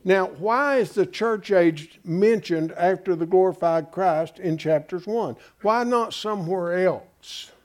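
A man's voice: high voice, slow pace, hardly any pauses. A man preaching a Bible-study sermon, emphatic and folksy, often asking his congregation rhetorical questions. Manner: folksy, calls listeners "folks".

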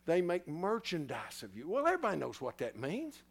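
A man's voice: fairly high pitch, wildly swooping pitch, fairly quick, creaky. A man preaching a sermon in a church in a folksy, teasing way, somewhat out of breath. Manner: folksy, teasing the congregation, spells words letter by letter.

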